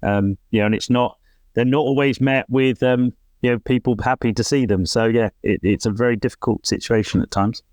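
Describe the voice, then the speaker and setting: A man's voice: medium pitch, fairly even intonation, brisk, dry recording. A man from an animal charity, chatting casually and rambling with many fillers. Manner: rambling, filler-heavy, warm about his team. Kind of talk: casual interview chat.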